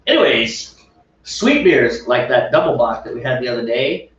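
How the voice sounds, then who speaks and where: A man's voice: mid-range voice, very animated, normal speed, fairly bright tone. A middle-aged man co-hosting a homebrew show, chatting casually and rambling with frequent laughs. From United States. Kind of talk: casual chat. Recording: echoey room, mic far off, dull.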